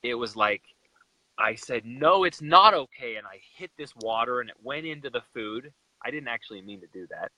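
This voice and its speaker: A man's voice: mid-range voice, a little fast, bright, forceful tone, dry recording, low-quality recording. A young man from Utah, a guest in a live chat, retelling a personal story with emotion and animation.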